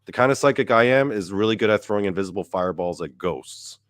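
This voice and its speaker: A young man telling a story in casual chat with a friend, animated and swearing freely. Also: on the low side, fast talker, no echo, studio quality. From Baltimore–Washington area, US. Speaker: podcast co-host.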